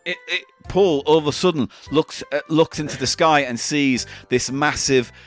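A man improvises a silly tale as a podcast co-host, rambling and swearing freely. His voice sits a bit high. Faint music plays in the background. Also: moderate pace. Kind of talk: improvised comic storytelling.

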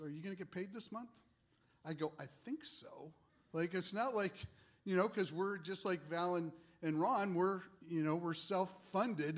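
Casual, rambling male ministry leader. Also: sits high. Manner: casual, rambling, many fillers. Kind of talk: testimony to a congregation.

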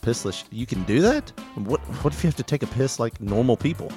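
A man's voice: mid-range voice, animated, brisk, mellow, soft background music. A young man hosting a comedy podcast, fumbling through ad-read takes with swearing and frequent giggling fits. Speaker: podcast host reading an ad. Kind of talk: ad-read outtakes, casual banter.

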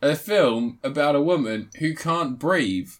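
A man's voice: fairly high pitch, expressive, a little slow. A man giving a rambling, crude, joke-filled film review, swearing often. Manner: rambling, crude, swears a lot, jokey asides. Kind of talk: casual comedic film review.

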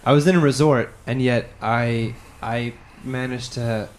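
A man's voice: medium pitch, steady tone, measured pace, crowd noise. A man co-hosting a podcast in casual chat, telling a laid-back story and swearing now and then. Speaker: podcast co-host.

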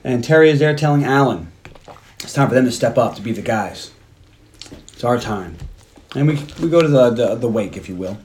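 A man's voice: mid-range voice, lively intonation, fairly quick, long pauses, a little mellow. A man hosting a movie podcast, casually retelling a film's plot at length in a rambling way. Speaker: podcast host. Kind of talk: casual movie recap chat.

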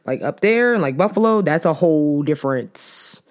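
A woman co-hosting a podcast, chatting casually in animated, slangy banter with frequent laughs. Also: deep voice, normal speed. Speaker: podcast co-host. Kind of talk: casual chat.

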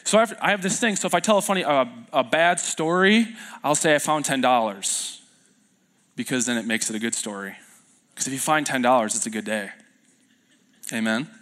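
A man's voice: medium pitch, fairly quick, a bit bright. A young man preaching a sermon as pastor in a church, telling stories in a loose, self-deprecating way with fillers and restarts. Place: church sanctuary.

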